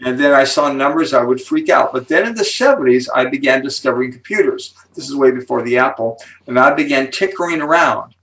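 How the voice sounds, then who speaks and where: A man in his seventies, a guest speaker on psychology, explaining with animated enthusiasm and building suspense before each point. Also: medium pitch, a little fast, hardly any pauses, recorded from a distance, poor audio. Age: 70s.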